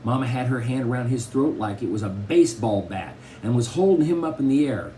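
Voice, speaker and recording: Male reader for a kids' novel, lively rise and fall, faint hiss behind. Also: mid-range voice, a little fast. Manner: expressive storytelling, first-person boy narrator. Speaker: audiobook reader. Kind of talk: reading a children's novel aloud.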